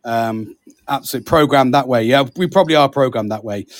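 A man's voice: medium pitch, fairly quick, no echo, studio quality. A British man hosting a casual podcast, chatty, laughing often and calling his co-host mate. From Britain.

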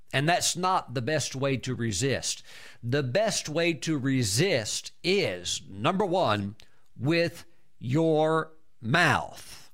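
Animated man preaching a fervent sermon. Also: mid-range voice. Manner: emphatic, animated preaching with repeated exclamations. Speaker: pastor.

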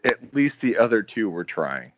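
Low teasing man, dull dry audio. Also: big pitch swings, moderate pace, dry recording. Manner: teasing, playfully interrogating. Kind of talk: casual movie-review chat.

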